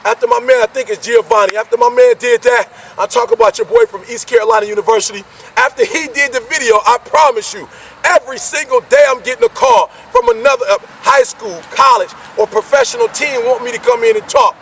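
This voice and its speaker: A man giving an energetic motivational speech, repeating his points and pushing the listener hard. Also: extremely high pitch, brisk, vocal fry, distant mic, a little hiss or hum. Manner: energetic, preachy, repetitive call-and-response. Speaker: motivational speaker.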